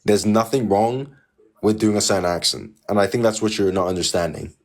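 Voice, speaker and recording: A man's voice: lowish voice, brisk. A man from Nigeria hosting a livestream debate, insistent and argumentative, talking over the caller.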